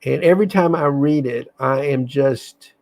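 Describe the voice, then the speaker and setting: A man hosting a reflective online session, talking in an earnest, halting way with restarts, then reading a poem aloud slowly. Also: medium pitch, vocal fry, darkish tone. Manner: reads slowly with long pauses. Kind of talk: casual live talk and slow poetry reading.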